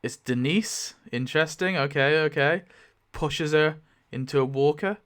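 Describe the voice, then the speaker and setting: A man's voice: on the high side, unhurried, clean tone. A man giving casual, rambling commentary full of fillers as a YouTuber spinning a wheel. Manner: rambling, lively, many fillers and laughs.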